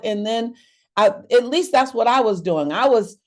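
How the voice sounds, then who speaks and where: A woman hosting a wellness webinar over a video call, talking to her audience in an expressive, preacher-like cadence that rises with emphasis. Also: mid-range voice, normal speed. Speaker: webinar host. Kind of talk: motivational webinar talk.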